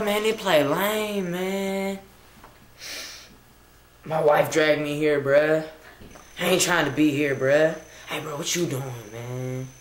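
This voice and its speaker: A woman's voice: low voice, echoey room, slight background noise. A woman plays a bored young man who is chatting on his phone during a play. He talks in slang, drawls, and keeps saying "bruh". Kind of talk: amateur comic skit.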